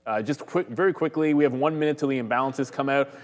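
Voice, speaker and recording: A man walks viewers through market imbalances and halts in a relaxed, hedging way. His voice is mid-pitched. A long reverb hangs on the recording. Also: fast. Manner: casual, hedging, explains rules step by step. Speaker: stock trading livestream host. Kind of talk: live market commentary.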